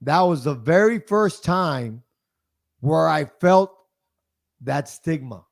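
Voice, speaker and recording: Gravelly-voiced man telling a story. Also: fairly high pitch, takes it slowly. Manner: animated storyteller, often starts with "hey". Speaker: podcast host. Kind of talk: casual chat, storytelling.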